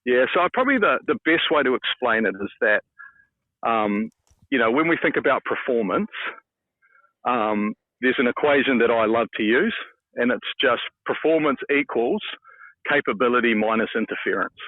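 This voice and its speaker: A man's voice: medium pitch, animated, moderate pace, no room sound. A man with a New Zealand accent, a mental skills coach, talking in a laid-back, self-deprecating way in a casual interview over the phone. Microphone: phone call. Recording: tinny dry phone line.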